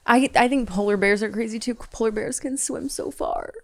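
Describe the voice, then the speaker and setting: A woman's voice: a little high, moderate pace, no room sound. Young female podcast guest, gossipy and chatty, dry close mic, drops to a murmur. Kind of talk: casual chat.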